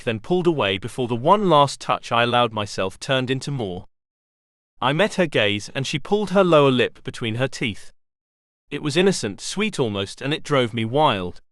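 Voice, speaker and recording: A man reads a romance novel aloud in the first person at a middle pitch. His delivery is lively and moves up and down a lot, and it is recorded close and dry with no room sound. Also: dry recording. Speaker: audiobook narrator.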